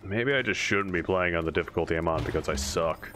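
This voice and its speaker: A man giving casual commentary while playing a video game, swearing often and bursting into frustrated yells. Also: sits low, fast talker, background noise. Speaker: let's play gamer. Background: game music.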